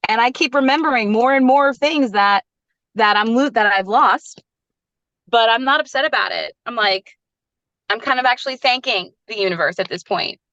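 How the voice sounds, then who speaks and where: A woman in her thirties tells a personal story in a candid, conversational way. Her pitch climbs high when she acts out what she and others said. The audio is dry and a little dull. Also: normal speed, dry recording. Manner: animated, acts out her own quoted lines. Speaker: podcast guest, resilience coach.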